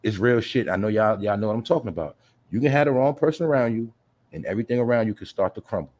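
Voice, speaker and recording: Man, livestream host, slightly low voice, casual slang, profane, preachy repetition. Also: lively intonation, quick pace, darkish tone. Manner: streetwise slang, addresses listeners as "y'all", "you feel me"; preachy, repeats his points for emphasis.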